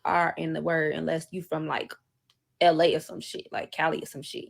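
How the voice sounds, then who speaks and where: A woman from Chicago speaking with a Chicago accent, casual and blunt in a played clip. Her voice sits low and sounds gravelly with fry. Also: flat delivery, moderate pace. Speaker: interviewee in a clip.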